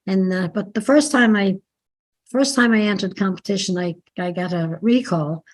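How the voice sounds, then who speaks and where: An older Irish woman with a Dublin accent speaks in a mid-range voice at a moderate pace. She's a dance teacher appearing as an interview guest, reminiscing about her past in a chatty, meandering way and often correcting herself mid-sentence.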